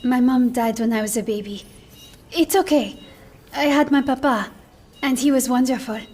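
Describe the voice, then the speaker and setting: A woman's voice: high voice, normal speed, darkish tone. An actress playing a kind, earnest young woman who is hesitant and sincere, in a game cinematic. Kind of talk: video game cinematic drama.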